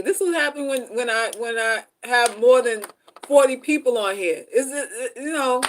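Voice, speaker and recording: A woman hosting a casual live stream on relationship advice, repeating herself and talking straight to her viewers, dropping to soft asides and then rising to loud, high outbursts. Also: lively intonation, normal speed, a little hiss or hum. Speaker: livestream host, relationship advice.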